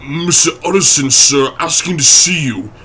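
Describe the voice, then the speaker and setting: A man's voice: a little high, normal speed, sharp tone, a little hiss or hum, voice pushed up. A man voicing a frightened, loyal middle-aged butler who speaks urgently and pleadingly. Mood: anxious urgent.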